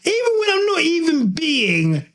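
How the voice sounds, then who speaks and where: A young man from the UK hosting a solo podcast, talking in an animated, slangy, swear-filled and excitable way. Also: extremely high pitch, unhurried, low-quality recording. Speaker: podcast host.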